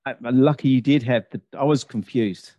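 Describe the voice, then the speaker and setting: A man's voice: mid-range voice, fairly quick, mellow, dry recording, muffled recording. A man hosting a podcast interview over a video call. He opens with a formal welcome and then moves into easy banter. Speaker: podcast host.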